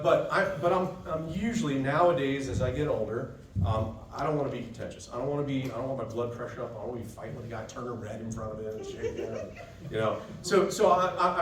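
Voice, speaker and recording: Man presenting in an echoey expo hall. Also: medium pitch. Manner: casual, conversational, keeps asking "right?". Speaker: seminar presenter to dent repair technicians. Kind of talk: live trade-show seminar talk. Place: expo session room. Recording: echoey room, voice picked up from a distance.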